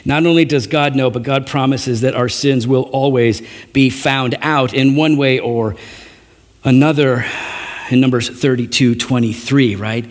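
Man preaching, animated, conversational, restarts, mid-pitched voice. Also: measured pace. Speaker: pastor. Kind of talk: sermon.

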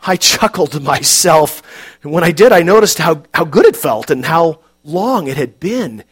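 A man calmly narrating an audiobook in a measured, quiet, reflective way. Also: fairly high pitch, husky, faint music behind.

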